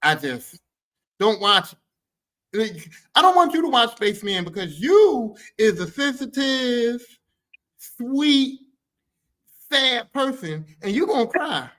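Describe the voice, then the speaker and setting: A man hosting a podcast, telling movie stories in an animated, profane, slangy way. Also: very high-pitched, takes it slowly, pauses often, rough recording. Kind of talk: casual chat about movies.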